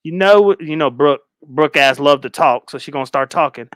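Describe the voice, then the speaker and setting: A man's voice: a little high, normal speed, hardly any pauses, no room sound, studio quality. A man hosting a stream and giving casual, blunt, profane reaction commentary. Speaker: streamer host.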